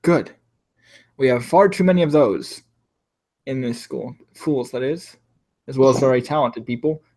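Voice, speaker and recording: A man's voice: mid-range voice, moderate pace, a little mellow, natural voice. A man voicing a fussy male teacher who rambles, hesitates with many uhs, and lectures sternly.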